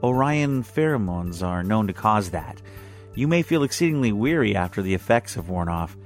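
A man voicing a calm, polite woman ship's doctor speaking in a clinical way. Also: on the low side, normal speed, faint music behind, lightly acted.

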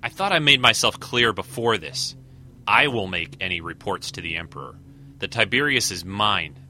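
Stern admiral barking orders, read by a man, deep and sharp-edged. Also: lively intonation, normal speed, a little hiss or hum. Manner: barking, cold commands. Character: stern, domineering human male admiral.

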